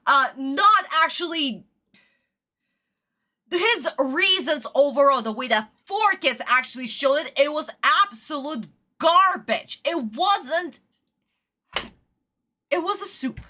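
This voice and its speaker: A woman's voice: high voice, animated, slow pace, pauses often, bright, forceful tone. A young adult woman streaming an episode reaction, ranting and swearing in exasperated outbursts. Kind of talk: casual livestream reaction.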